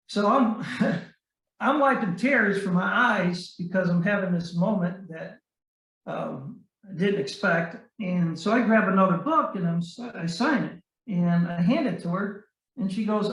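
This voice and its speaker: A man guesting on a podcast tells a story in an earnest, heartfelt way, often halting and restarting mid-sentence. His voice sits high for a man. It sounds roomy and a little distant from the mic. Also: fairly bright tone. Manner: halting, with frequent restarts and fillers. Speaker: guest, Navy veteran and author. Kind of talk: casual storytelling in a podcast interview.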